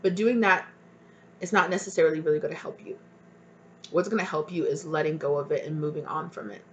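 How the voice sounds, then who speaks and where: A woman's voice: low voice, steady tone, a little fast, fairly bright tone, muffled recording, slight background noise. A woman giving a pick-a-card tarot reading, talking earnestly and emotionally straight to her viewers with spiritual encouragement. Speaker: tarot reader.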